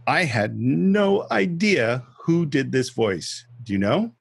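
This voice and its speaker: A man with a husky, slightly breathy voice talks casually about films on a podcast, walking through scenes and how they were shot. The recording is dry and close, with no room sound. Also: mid-range voice, lively intonation, slow, no room sound. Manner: explains film scenes and behind-the-scenes trivia. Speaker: film podcast co-host. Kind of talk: casual film discussion.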